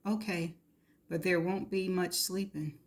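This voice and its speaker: A woman voicing a gentle, caring husband in a spoken storybook reading, close to her own voice. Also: on the low side, fairly even intonation, measured pace. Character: gentle worried husband, adult man.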